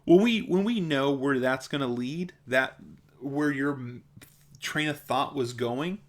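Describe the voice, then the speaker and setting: A man's voice: mid-range voice, a little slow. A young adult man with a mild speech impediment, vlogging in a blunt, exasperated way and laughing between points. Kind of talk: casual opinion vlog.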